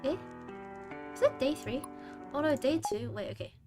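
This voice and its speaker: A woman streamer playing a horror dating game, reading its text aloud with animated, dramatic reactions. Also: high voice, moderate pace, music in the background.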